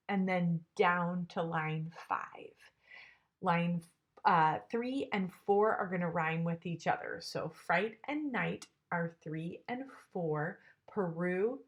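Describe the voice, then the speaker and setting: A woman teacher giving a classroom tutorial, explaining patiently with some fillers. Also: lowish voice.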